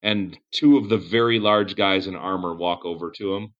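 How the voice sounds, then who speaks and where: Game master, male, very low voice, dull lo-fi recording, loose and profane. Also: normal speed, fairly bright tone. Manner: casual, swearing, laughs often. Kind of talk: narrating a tabletop game.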